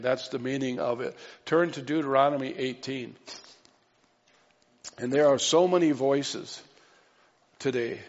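A man's voice: medium pitch, unhurried, long pauses. A man preaching a sermon as pastor, earnest and repeating key phrases for emphasis. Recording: dull reverberant hall recording.

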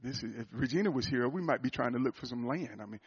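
A man's voice: mid-range voice, fast, husky, lo-fi sound. A middle-aged man preaching a sermon, emotional and laughing often as he tells stories.

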